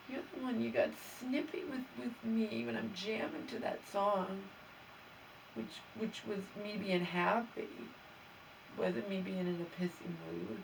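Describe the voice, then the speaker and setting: A woman's voice: medium pitch, measured pace, gravelly, recorded from a distance, noisy background. A woman vlogger venting her grievances in an aggrieved, exasperated way, stammering and restarting as she talks. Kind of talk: venting personal vlog.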